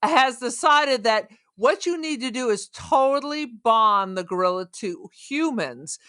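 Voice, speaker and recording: A woman co-hosting a casual podcast, her voice bright and sharp. She swings widely up and down in pitch while making sarcastic jokes. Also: expressive, unhurried. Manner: sarcastic, jokey. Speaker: podcast co-host. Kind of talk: casual chat.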